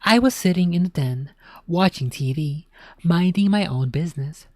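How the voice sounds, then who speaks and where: Low-voiced woman reading a spooky story. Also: expressive, normal speed, dry recording, studio quality. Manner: dramatic reading, often dropping to a hush. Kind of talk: scripted narration of a spooky children's book.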